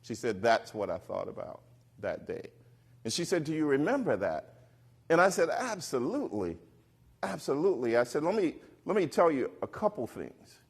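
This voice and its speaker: A middle-aged man on stage telling a personal story to an audience, animated and acting out the voices of the people he quotes. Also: a little high, moderate pace, husky. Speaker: keynote speaker. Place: stage before a live audience.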